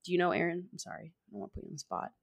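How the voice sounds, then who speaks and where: A woman co-hosting a podcast in casual chat, rambling and excitable, filling her talk with "like.". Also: fairly low pitch, rapid-fire, creaky, breathy edge. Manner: rambling, fills with "like"; excitable, laughs often. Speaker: podcast co-host.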